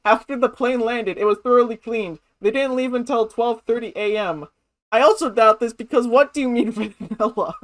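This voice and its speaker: A woman's voice: a little high, moderate pace. A woman rambling through a reaction commentary, giggling often and sounding incredulous. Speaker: commentary vlogger.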